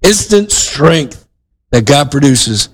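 A male pastor delivering a sermon in a casual, conversational manner. His voice sits a little high for a man. He often restarts his sentences and turns to the congregation with asides. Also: big pitch swings, takes it slowly, breathy edge, rough recording.

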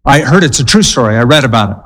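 A male pastor preaching a sermon, telling stories with dramatic pauses and quick bursts. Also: medium pitch, lively intonation, fairly bright tone, long reverb tail, low-quality recording.

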